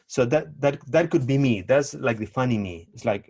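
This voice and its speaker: Guy teaching tango, chatty, does funny voices for quotes, middle pitch. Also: normal speed. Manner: animated, acts out quoted lines with playful voices. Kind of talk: casual advice talk.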